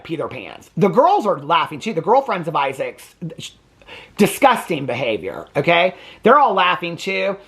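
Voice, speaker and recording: This reality TV reaction host rants with indignation, cursing freely throughout his casual commentary. His voice sits high and has a fairly bright tone.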